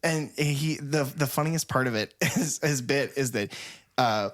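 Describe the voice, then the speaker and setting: A man's voice: medium pitch, a little slow. A man co-hosting a podcast in casual chat, telling stories in a rambling way with lots of fillers and swearing. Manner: rambling storyteller, profane, many fillers. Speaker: podcast co-host.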